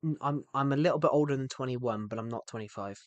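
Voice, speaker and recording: A man's voice: medium pitch, fast, no room sound. A man in his twenties with a British accent, rambling and chatty as he answers viewer comments during a game stream. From United Kingdom. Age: 20s. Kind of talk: live-stream chat while gaming. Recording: background music under the voice.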